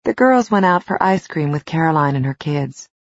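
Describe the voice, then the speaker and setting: A woman narrator voicing a pregnant young wife in a romance novel, soft and slightly higher. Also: animated, moderate pace, dry recording. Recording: slightly dull, dry studio recording.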